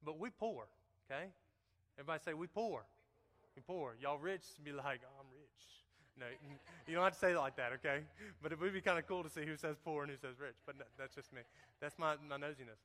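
A man gives a joking, folksy testimony to his congregation, speaking straight to the crowd. His voice sits a little high and comes across bright and forceful. It rings out with the long reverb of a big church hall. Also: fast talker. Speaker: church member giving testimony.

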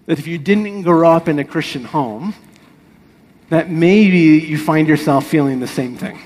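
Earnest high-voiced male preacher. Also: unhurried, darkish tone, rough recording. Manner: earnest, explanatory preaching with rhetorical questions. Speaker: pastor. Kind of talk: sermon.

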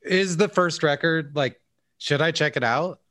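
A man's voice: a little high, measured pace, fairly bright tone, no echo. A man co-hosting a podcast, joking and loose, swearing casually. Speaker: podcast co-host. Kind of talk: casual chat.

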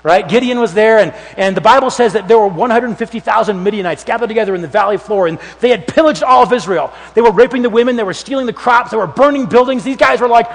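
High-voiced animated preacher man. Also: fast talker, hardly any pauses. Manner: animated storytelling, acts out voices with shouts and whispers. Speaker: youth pastor. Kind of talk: sermon. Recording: long hall reverb.

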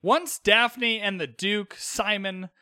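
A man's voice: high voice, steady tone, bright, forceful tone, clear, resonant tone, no echo, studio quality. A young man from Canada recapping a show on his solo podcast, chatty and cheeky. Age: young adult. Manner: chatty and cheeky, quick quoted asides. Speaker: podcast host.

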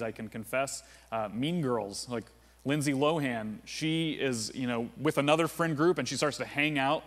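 A man preaching a sermon as pastor in a casual, conversational way, often saying "like" and "uh". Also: mid-range voice. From United States. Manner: conversational, with frequent "like" and "uh" fillers. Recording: long reverb of a large room.

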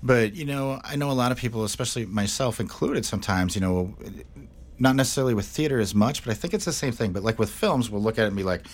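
Lively rambling male radio host. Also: mid-range voice, fast talker. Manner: rambling, laughs often, many fillers. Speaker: radio interviewer. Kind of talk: live radio interview.

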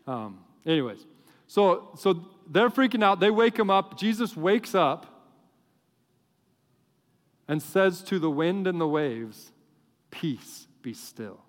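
A man preaching a sermon to a congregation, telling stories in an animated, joking way. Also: high-pitched, slow, long pauses. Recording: long hall reverb.

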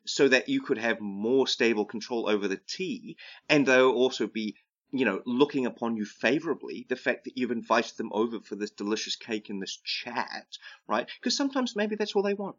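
A man's voice: medium pitch, fairly bright tone. A man giving rambling comedic advice who keeps tagging his sentences with "right?". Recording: dull lo-fi recording.

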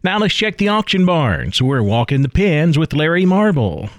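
Steady male farm market anchor, dry. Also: fairly high pitch, no echo. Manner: brisk, steady reading of prices. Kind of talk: scripted radio market report.

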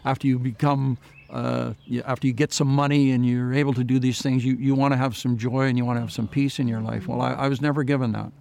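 Gravelly-voiced man telling his faith story. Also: mid-range voice, little pitch movement, fast, few pauses, a little mellow. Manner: earnest storytelling, retelling dialogue with many "I said" tags. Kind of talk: personal testimony in an interview.

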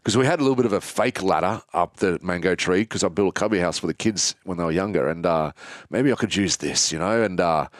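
An Australian man telling his own story in an interview, candid and halting, often restarting his sentences. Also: low voice, dry recording, studio quality. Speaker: guest.

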